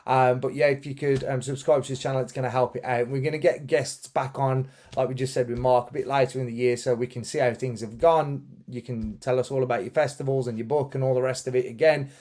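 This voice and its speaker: A man hosting a relaxed interview chat. His voice is warm and mellow, and he rambles with plenty of fillers and restarts. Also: medium pitch, fast talker, hardly any pauses. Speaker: podcast host and musician.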